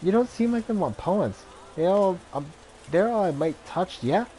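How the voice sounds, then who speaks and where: A man's voice: high voice, animated, moderate pace, warm tone, a little hiss or hum, pitched above the performer's own voice, rough recording. Rainbow: a man voicing a brash Irish woman. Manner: chatty, blunt, slangy. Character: young adult Irish woman, brawny, brash ex-ranger.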